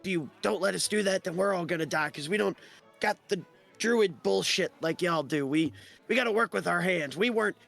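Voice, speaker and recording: A man's voice: sits high, fairly quick, creaky, a bit bright, soft background music, voice pushed up. A man doing a brash, drawling mining boss. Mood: heated. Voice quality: drawling, crude, defensive. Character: brash blue-collar male mining boss. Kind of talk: tabletop role-play voice.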